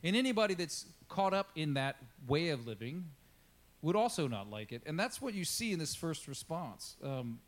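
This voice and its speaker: A man preaching a casual sermon, talking in a chatty way and acting out quotes with asides to his congregation. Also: a little high. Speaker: pastor. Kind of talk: conversational sermon.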